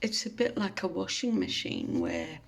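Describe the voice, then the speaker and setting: A woman giving a mindfulness talk, telling a story in a slow, gentle, reflective manner. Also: medium pitch, huge pitch swings. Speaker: mindfulness speaker.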